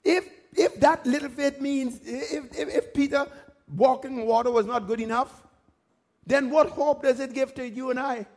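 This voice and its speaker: A male pastor delivers a sermon in an unusually high voice. He drives his points home through repetition and quick asides to the congregation. When he reads scripture, he slows right down and stretches the words for dramatic effect. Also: fairly even intonation, darkish tone. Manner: emphatic preaching with repetition and call-and-response asides; dramatic scripture reading with slowed, stretched phrases.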